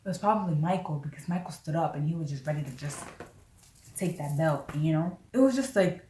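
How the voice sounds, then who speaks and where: A woman tells a story to her camera in a relaxed, chatty way, laughing and slipping into the voices of the people she quotes. Her pitch swings widely as she talks. The sound is roomy and a little distant, as if the mic sits across the room. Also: fairly quick. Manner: animated, laughing, acts out quotes with "I was like". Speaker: vlogger. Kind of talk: casual storytelling. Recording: roomy echo, voice away from mic.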